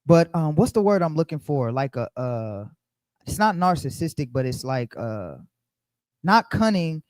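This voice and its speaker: A man's voice: fairly high pitch, sing-song, measured pace, a little mellow, no echo. A man leading a Bible study, preaching conversationally and emphatically, repeating his key phrases as he speaks straight to the group.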